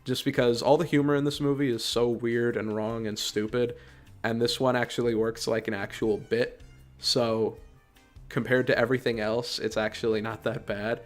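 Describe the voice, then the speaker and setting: A man's voice: medium pitch, little pitch movement, normal speed, faint music behind. A man hosting a podcast, giving a casual, sarcastic and exasperated review of a movie.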